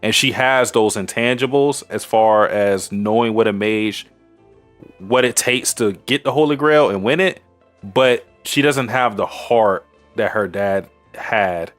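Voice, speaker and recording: Low-voiced man rambling through an anime recap. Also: unhurried, a bit bright, soft background music. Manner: rambling, crude jokes, many fillers. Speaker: podcast co-host. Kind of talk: casual anime recap chat.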